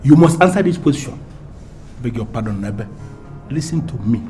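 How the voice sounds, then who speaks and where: Guy playing a bossy nigerian man threatening his girl, big pompous words, soft music behind. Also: medium pitch, animated, moderate pace, natural voice. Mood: scornful. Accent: Nigerian English. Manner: menacing, grandiloquent, repetitive. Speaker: man confronting his lover. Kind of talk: Nollywood film acting.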